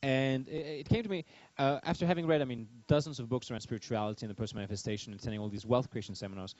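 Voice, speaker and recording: A man's voice: mid-range voice, steady tone, racing, darkish tone. Rambling seminar speaker man, lo-fi. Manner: rambling, restarts often, jokey asides. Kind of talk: live wealth seminar talk. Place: seminar room with audience. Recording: dull lo-fi seminar recording.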